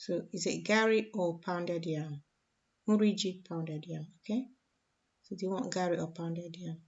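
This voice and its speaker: Woman, language teacher, low-ish voice, patient repetition, slightly muffled recording. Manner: repeats phrases slowly for learners to copy. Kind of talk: language lesson with spoken examples.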